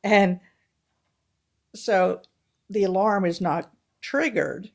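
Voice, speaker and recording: A woman co-hosting a casual film review chat, retelling movie scenes with animated storytelling. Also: mid-range voice, very slow, creaky. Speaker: podcast co-host.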